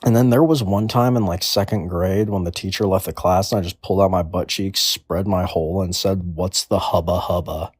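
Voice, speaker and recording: A man's voice: low-pitched, fairly even intonation, fairly quick, few pauses, darkish tone, husky, dry recording, studio quality. A man in his twenties delivering a crude comedic monologue in a rambling, offhand way. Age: 20s. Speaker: comedic storyteller.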